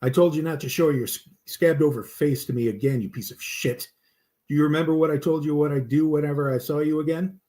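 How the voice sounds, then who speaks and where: A man doing a gruff, threatening gunman. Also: a little high, steady tone, brisk, warm tone, pitched above the performer's own voice, natural voice. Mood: hostile. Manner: curt, threatening. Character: gruff, hostile armed man.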